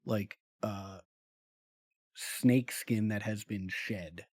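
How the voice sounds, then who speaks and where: Slow, hesitant male game master. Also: lowish voice, darkish tone, no echo, studio quality. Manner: unhurried, hesitant, many fillers. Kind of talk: narrating a tabletop game.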